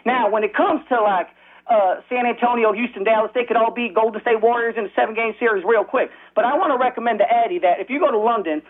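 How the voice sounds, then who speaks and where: Brief: male caller, Chicago accent, rapid jokey rambling, tinny phone line. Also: very high-pitched. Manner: very fast, scattered, jokey.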